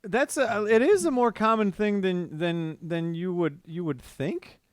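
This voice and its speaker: A man co-hosts a casual music podcast, rambling through his thoughts. His voice is slightly high and very clear. The sound is dry and close. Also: unhurried, no echo. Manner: rambling, many fillers and restarts. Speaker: podcast co-host.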